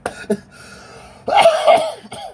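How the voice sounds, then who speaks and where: A woman's voice: extremely high pitch, animated, extremely slow, slight background noise. A woman giving a blunt, profane, emotionally intense rant as a vlogger. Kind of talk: profane ranting monologue.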